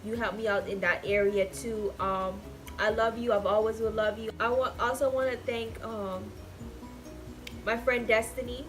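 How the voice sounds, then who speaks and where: A woman in her twenties venting in a casual vlog, talking emotionally and swinging between loud and soft. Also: a little high, steady tone, normal speed, over music. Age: 20s. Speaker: vlogger.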